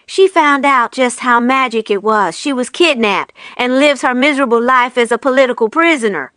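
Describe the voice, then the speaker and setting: A woman's voice: high voice, moderate pace, a bit bright, no echo. A woman voicing a bitter, paranoid female witch in an audiobook reading, speaking in an intense, accusing way.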